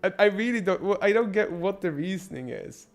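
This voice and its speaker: A man's voice: high voice, expressive, fairly quick. A man streaming a game and chatting with viewers, rambling, crude and sarcastic, with many restarts. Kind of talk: casual gameplay commentary.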